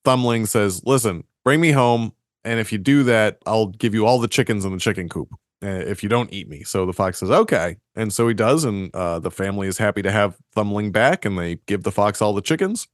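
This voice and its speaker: A man's voice: fairly low pitch, lively intonation, fairly quick, dry recording, clean studio sound. A man, co-hosting a podcast, casually retelling a story and laughing often between jokes. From Boston area. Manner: laughs often, loose and joking. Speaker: podcast co-host.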